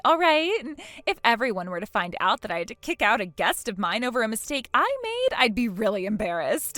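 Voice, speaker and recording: A woman's voice: fairly high pitch, a bit bright, no room sound. A woman voicing an arrogant young bride who mocks and dismisses her old friend. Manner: sneering and haughty, breaking into mocking laughs. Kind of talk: dramatized text-message story.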